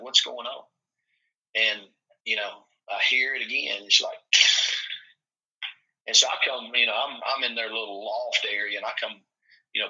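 A football coach from Tennessee, telling rambling, folksy stories in casual chat. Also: male voice, on the low side, bright, forceful tone. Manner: folksy, rambling, acts out quoted voices. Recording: muffled lo-fi recording.

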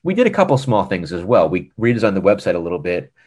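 A man's voice: low-pitched, fast, slightly rough. An American man, a former e-commerce director, telling a business story in a casual interview and acting out the dialogue as he goes. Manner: animated storyteller, acts out quoted dialogue.

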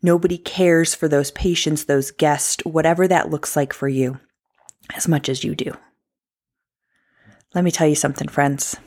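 A woman's voice: low voice, steady tone, moderate pace, pauses often, a little mellow. A woman in her thirties, a traveling ultrasound tech, talking straight to her viewers in a personal vlog, impassioned and emphatic.

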